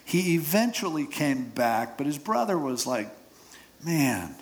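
A man's voice: fairly high pitch, very animated, normal speed. A man preaching, retelling scripture with casual humor and jokes. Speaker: pastor. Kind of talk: sermon.

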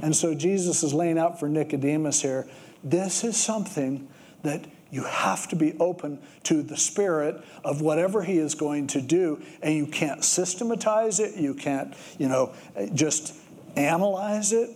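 Conversational male pastor, slightly high voice. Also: moderate pace, slight background noise. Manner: conversational storytelling, with lively acted quotes. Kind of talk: sermon.

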